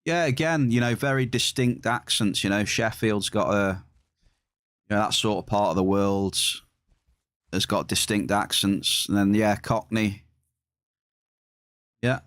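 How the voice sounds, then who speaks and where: A man's voice: on the low side, measured pace, pauses often, a bit bright, no room sound, clean studio sound. A man with an English accent chatting casually with his live-stream viewers, reading their messages aloud and cheering at big hits. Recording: game music behind.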